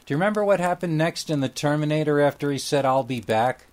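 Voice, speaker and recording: A man doing a curious guy from the lumber store across the road, his question tumbling out fast and pitched a little higher than a regular chat. He sounds like an everyday workman in a spoken story, casual and eager to know. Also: animated, close to an everyday voice. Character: casual adult male store clerk, curious.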